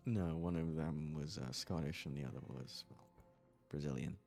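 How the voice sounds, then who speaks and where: A woman's voice: very deep voice, normal speed, gravelly, dark tone, faint music behind. A woman with a British accent playing a character in a group roleplay, playful and laughing often. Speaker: roleplay player.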